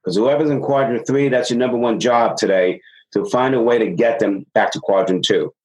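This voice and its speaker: A man's voice: medium pitch, fairly quick, low-quality recording. A middle-aged man talks as a sales consultant on an interview podcast. He speaks with energy in a mid-range voice. He acts out the dialogue of his stories as he goes.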